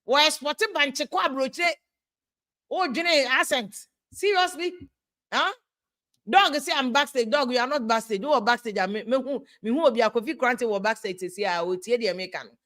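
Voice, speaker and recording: Animated Ghanaian woman hosting a live stream. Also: high voice, fairly quick. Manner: animated, mixing English with Twi, exasperated. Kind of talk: casual live-stream commentary reading viewer comments.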